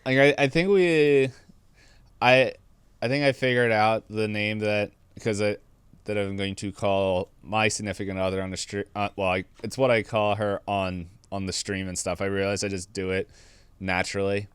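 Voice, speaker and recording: A man's voice: on the low side, fairly even intonation, moderate pace, clean tone, no room sound. A young adult man co-hosting a podcast, chatting casually, rambling and laughing often. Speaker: podcast co-host. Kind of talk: casual chat.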